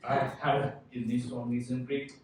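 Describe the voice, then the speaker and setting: A man opening a stand-up set with a slow, dry delivery. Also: medium pitch, level tone, heavy background noise. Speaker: stand-up comedian. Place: comedy club stage. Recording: echoey room from far off.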